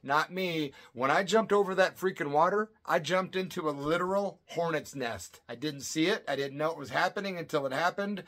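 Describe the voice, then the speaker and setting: Casting note: middle-aged man, pitched a little high, relaxed slangy vlog storyteller, emphatic and chatty. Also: normal speed, few pauses. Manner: loose, slangy, emphatic retelling with fillers like "man" and "folks". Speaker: channel host telling a personal story. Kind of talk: casual storytelling to camera. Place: home at night.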